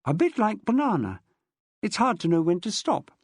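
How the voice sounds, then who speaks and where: A woman's voice: medium pitch, wildly swooping pitch, a little slow, breathy edge, dry recording, voice pushed up, full character voice. A man voicing a wry, amused grown woman, a wife and mother, in an audiobook.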